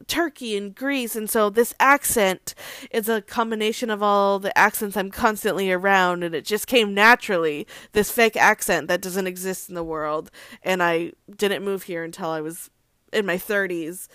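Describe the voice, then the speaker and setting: A woman's voice: mid-range voice, pushed and bright, smooth, dry recording, lightly acted. A woman imitating a celebrity woman who speaks with a made-up mixed accent, talking in an airy, rambling, defensive way.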